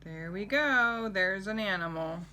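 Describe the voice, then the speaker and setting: Woman, middle-aged, kids' lesson host; unhurried delivery, crisp bright tone, coaxing questions. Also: mid-range voice, expressive, a little hiss or hum. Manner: gentle, coaxing, asks the child questions. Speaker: teacher. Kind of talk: children's lesson.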